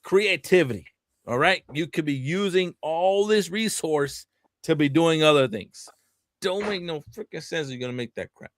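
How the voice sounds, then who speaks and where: Man, fairly high voice, animated profane rant, dry close sound. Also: normal speed, no room sound. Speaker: podcast co-host. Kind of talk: casual ranting chat.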